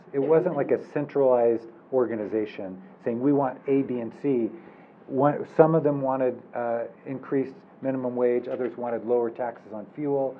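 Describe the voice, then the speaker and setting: A man's voice: medium pitch, phone-quality sound, slight background noise. A man moderating a panel, a professor telling wry, rambling stories. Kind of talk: panel discussion.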